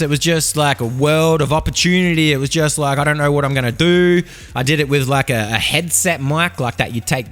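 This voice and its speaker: An Australian man hosting a solo podcast, freestyling a rambling, profane monologue full of slang, close on a studio condenser mic. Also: on the high side. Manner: rambling, profane, slangy, drifting loud and soft. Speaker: podcast host.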